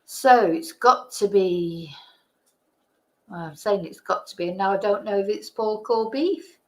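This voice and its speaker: A woman's voice: medium pitch, measured pace, poor audio. A woman hosting a casual live-stream quiz, chatting, laughing and thinking aloud as she reads the questions. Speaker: host.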